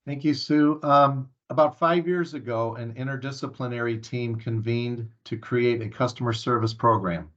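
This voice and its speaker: A man's voice: medium pitch, fairly even intonation, moderate pace, few pauses, a bit bright. A man giving a staff training presentation at a town hall meeting, earnest and full of filler sounds and restarts. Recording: muffled lo-fi recording.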